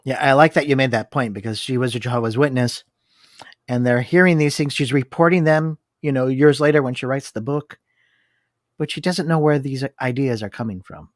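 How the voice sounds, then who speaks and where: A man's voice: mid-range voice, a little fast, dry recording, studio quality. A man co-hosting a discussion, reading long book passages aloud and commenting on them. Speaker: podcast co-host.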